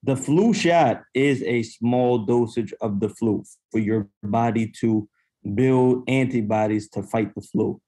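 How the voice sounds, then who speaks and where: A man on a podcast argues bluntly, questioning the others' claims with a skeptical edge. His voice has a mellow, darker tone, and his pitch sits in an ordinary middle range. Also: unhurried. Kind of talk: casual debate.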